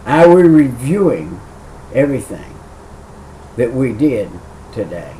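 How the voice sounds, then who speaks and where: A man's voice: medium pitch, sing-song, slow pace, warm tone, recorded from a distance, a little hiss or hum, low-quality recording. A middle-aged man, an evangelist, preaching a video sermon with earnest, emphatic repetition.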